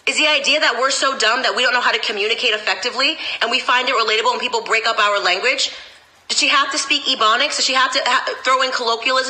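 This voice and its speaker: A woman's voice: on the high side, pushed and bright, poor audio. A woman political commentator talking straight to camera in a sarcastic, emphatic rant.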